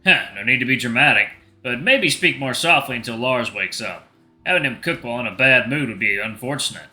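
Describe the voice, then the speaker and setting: A man's voice: medium pitch, lively intonation, a little fast, pushed and bright, faint music behind. A man voicing dry easygoing coach.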